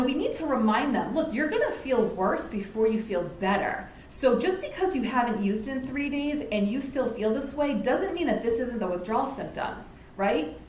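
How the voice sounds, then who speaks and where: A woman delivers an informal educational talk to a lunch audience. She keeps it conversational, checking in with "right?" and acting out little stories. The room is echoey, with a faint hiss behind her. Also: fairly high pitch. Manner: conversational, uses "right?" often, acts out anecdotes. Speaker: speaker at a community lunch talk.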